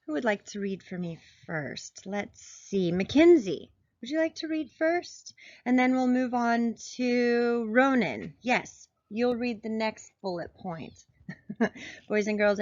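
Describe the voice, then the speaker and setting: Woman teacher, remote lesson for young kids, unhurried and encouraging, muffled home recording. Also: fairly high pitch. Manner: slow, patient, encouraging. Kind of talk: remote grammar lesson for children. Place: outdoors. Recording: dull lo-fi sound.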